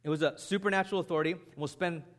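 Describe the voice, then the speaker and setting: A man preaching a sermon as pastor, in an animated, conversational way. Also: on the high side, racing.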